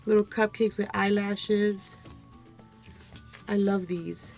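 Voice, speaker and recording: A woman hosting a crafting channel, casually showing off a gift package, gushing over every item and talking straight to viewers. She sounds a bit low on energy as she comes down with a cold, recording at her craft desk at home. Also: fairly even intonation, slow, creaky, darkish tone, soft background music. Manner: gushing, keeps addressing viewers as "you guys". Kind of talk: casual show-and-tell unboxing.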